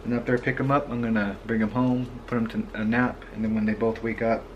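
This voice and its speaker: A man's voice: medium pitch, flat delivery, fast, dull audio. A young man and father talking casually to a handheld camera in a home vlog, at home and in a car. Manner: chatty, talks straight to the camera. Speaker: father and vlogger. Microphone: handheld compact camera. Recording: background noise with vehicle hum.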